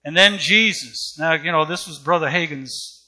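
A man's voice: on the high side, normal speed, bright, forceful tone. A man preaching a sermon with an emphatic, repetitive cadence.

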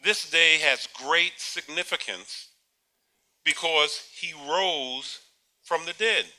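A man's voice: fairly high pitch, takes it slowly, pushed and bright. A man preaching a sermon, firing off rhetorical questions, repeating words as he goes and chuckling at his own points.

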